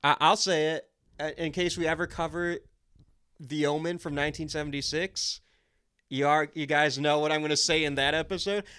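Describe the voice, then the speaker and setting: Another male podcast co-host talks about a movie in a loose, emphatic way, full of enthusiasm and quick restarts. His voice is a little high, steady, pushed and bright, yet smooth.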